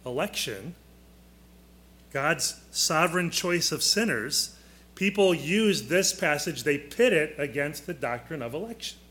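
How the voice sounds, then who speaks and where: Slow, emphatic man teaching Scripture. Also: on the high side, a bit bright. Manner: deliberate, emphatic, quizzes listeners. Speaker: Bible teacher. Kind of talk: Bible lesson to a class.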